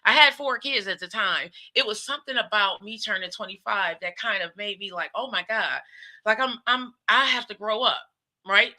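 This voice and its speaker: Woman, 50s, from the US; host of her own stream, talkative, speaks straight to the audience, mid-pitched and strikingly bright. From United States. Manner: chatty, often calls the audience "y'all". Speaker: show host. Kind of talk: casual livestream talk.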